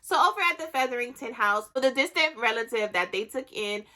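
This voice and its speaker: Woman, slightly high, bright and forceful, chatty recap host acting out quotes. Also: brisk. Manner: chatty, animated storytelling with acted-out quotes. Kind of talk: casual TV recap.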